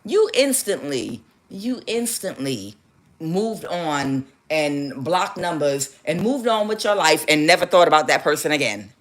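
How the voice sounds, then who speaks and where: A woman giving a casual tarot reading, animated and sassy, laughing often and calling the listener child. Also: sits low, measured pace. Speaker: tarot reader.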